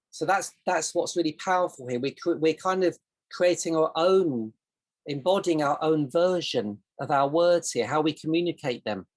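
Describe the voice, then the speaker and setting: A woman's voice: sits low, breathy edge. A woman teaching a casual online coaching session over a video call, in a loose, rambling way with plenty of examples. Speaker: self-discovery coach.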